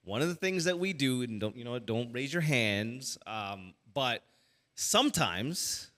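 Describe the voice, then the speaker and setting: A male pastor talking casually to his congregation from the stage. His tone is bright and forceful, and he talks in an animated way, stumbling through fillers and restarts as he goes. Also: medium pitch, a little slow. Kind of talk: casual teaching talk to a church audience.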